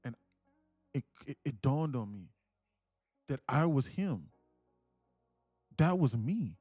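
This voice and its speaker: A man's voice: mid-range voice, big pitch swings, slow, mellow, husky, no room sound, studio quality, faint music behind. A young man hosting a live day trading stream, talking passionately and emphatically, swearing freely. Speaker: day trading livestream host.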